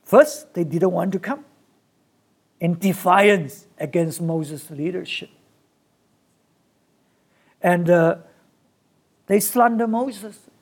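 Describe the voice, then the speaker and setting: A preacher with a gravelly, creaky voice delivers a sermon from start to finish. The delivery is emphatic and comes in short bursts, with key phrases repeated for weight. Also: mid-range voice, slow pace, pauses often.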